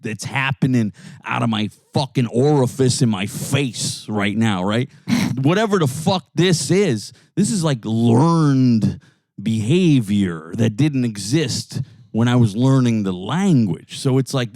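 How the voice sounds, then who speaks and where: A man from New York co-hosting a profane, animated casual chat in a car, often mimicking other people's voices. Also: mid-range voice, unhurried, dry recording. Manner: animated, swearing storyteller who mimics voices. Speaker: podcast co-host. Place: inside a jeep.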